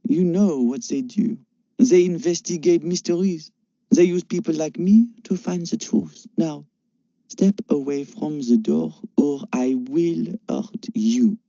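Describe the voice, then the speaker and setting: A man's voice: on the high side, unhurried, creaky, no room sound, pitched above the performer's own voice. Cold, curt French agent woman, as a man puts her on. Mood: threatening. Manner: curt, guarded, quietly threatening. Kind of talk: audiobook character voice. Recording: dull lo-fi dry recording.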